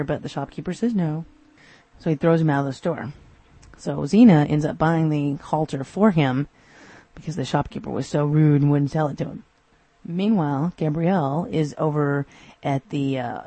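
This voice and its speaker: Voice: medium pitch, mellow, no room sound. A podcast host recapping TV episodes in a casual, amused way, often acting out the characters' lines.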